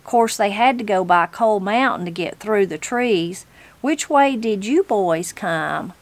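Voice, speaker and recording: A woman's voice: mid-range voice, animated, unhurried. A woman with a Southern Appalachian accent voicing a spry, tart elderly mountain granny, reading aloud from a storybook. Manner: tart, homespun mountain speech.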